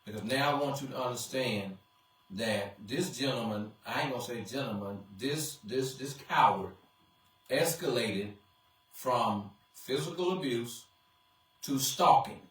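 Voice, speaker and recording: A man's voice: medium pitch, unhurried, a bit bright. A man serving as pastor who comments earnestly after the testimony, stressing his points and often repeating words as he begins. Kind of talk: sermon-style commentary. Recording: echoey hall, voice from far off.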